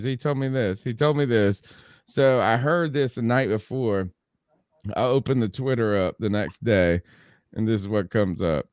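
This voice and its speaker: A man hosting a sports podcast in casual chat, telling stories with lively acted-out quotes and frequent laughs. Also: mid-range voice, moderate pace, smooth, dry recording, clean studio sound. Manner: animated storyteller, acts out quotes, laughs often. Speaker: podcast host.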